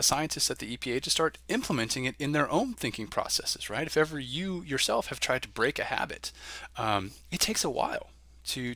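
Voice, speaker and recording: A man, a college instructor, giving a conversational recorded lecture, often pausing with "um" and checking in with "right?". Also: mid-range voice, pushed and bright, no room sound.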